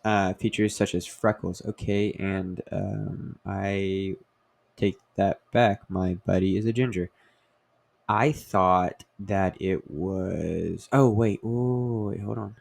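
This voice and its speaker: A man's voice: sits low, steady tone, slow pace, gravelly, darkish tone. A young man as host, talking in a meandering casual monologue full of fillers and self-corrections. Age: young adult. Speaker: comedian host.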